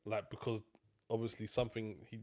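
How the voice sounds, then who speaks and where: A man's voice: on the low side, completely flat delivery, a little fast, darkish tone. A man co-hosting a film review, tired and yawning, with loose slang and trailing restarts. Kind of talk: casual review chat.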